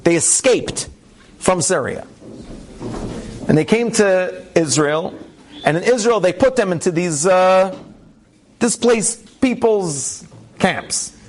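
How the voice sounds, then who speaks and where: Speaking slowly with long pauses, a high-voiced man who is a rabbi narrates a story conversationally and with animation, performing each quote. A faint hiss or hum sits under the recording.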